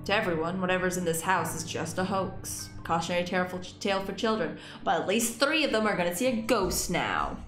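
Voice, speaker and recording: A woman gaming YouTuber reading a visual novel aloud and reacting, excitable and swearing freely. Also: a little fast, few pauses, reverberant, faint music behind. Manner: excitable, swears freely, squeaks when frustrated.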